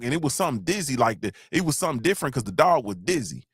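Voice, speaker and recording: A man hosting a casual podcast chat, rambling loosely through stories and shout-outs and often checking in with "you understand what I'm saying.". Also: mid-range voice, big pitch swings, quick pace, slightly rough, no echo, studio quality. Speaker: podcast host.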